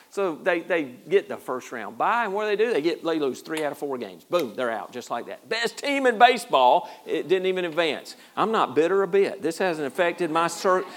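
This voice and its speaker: A man's voice: on the high side, a bit bright. A man preaching a sermon as pastor, in a folksy, self-deprecating way with a lot of repeated words. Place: church.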